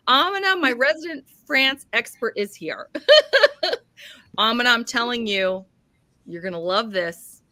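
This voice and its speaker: A woman's voice: fairly high pitch, wildly swooping pitch, unhurried, pushed and bright, no echo. A woman hosting a live book chat, gushing about a novel and reading out viewer comments in a casual, chatty way.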